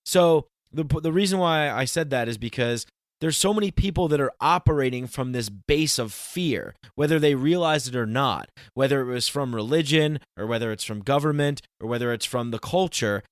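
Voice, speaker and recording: A man hosting a casual podcast, earnest and emphatic, slowing down to press his points. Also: mid-range voice, animated, no echo, studio quality. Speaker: podcast host.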